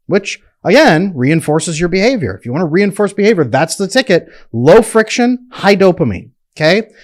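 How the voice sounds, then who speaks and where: A man, a relationship coach, giving an emphatic, conversational educational talk to camera. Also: medium pitch. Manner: emphatic, conversational, acts out quotes.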